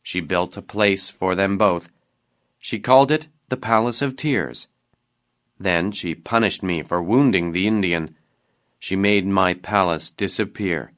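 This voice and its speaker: A man voicing a sorrowful young king, half turned to stone, in a storybook reading, in a low and subdued manner. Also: fairly bright tone.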